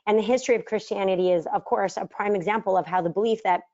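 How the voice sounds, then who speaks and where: A middle-aged woman teaches a study group in a relaxed, chatty way. She poses rhetorical questions and acts out little quoted exchanges. Her voice sits at a middling pitch, and the audio is a little dull and lo-fi. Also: quick pace. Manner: conversational, asks the audience rhetorical questions, acts out quoted arguments. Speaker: mindset trainer leading a book study course. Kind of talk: casual teaching talk.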